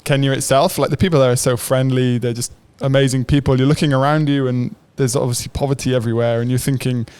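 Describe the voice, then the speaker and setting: A man hosting a podcast who asks long, relaxed questions in a casual interview. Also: mid-range voice, fast talker, few pauses, clear, resonant tone. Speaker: podcast host.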